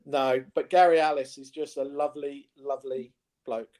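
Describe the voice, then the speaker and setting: A man co-hosting a sports chat show, telling anecdotes in a lively, casual way. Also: medium pitch, moderate pace. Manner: animated anecdote-telling, mimics voices in quotes. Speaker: co-host. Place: studio.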